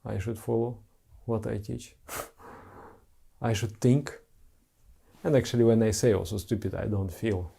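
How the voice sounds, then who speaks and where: A man's voice: on the low side, steady tone, measured pace, vocal fry, pauses often, warm tone, slightly rough. A man who is a spiritual teacher, giving an earnest, heartfelt devotional talk to followers in simple broken English.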